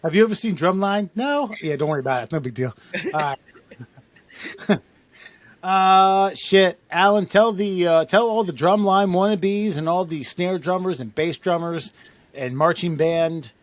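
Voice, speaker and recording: A man's voice: high voice, measured pace, dry recording. A man co-hosting a podcast, casually reading out listener comments with loose, jokey asides and frequent laughs. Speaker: podcast co-host.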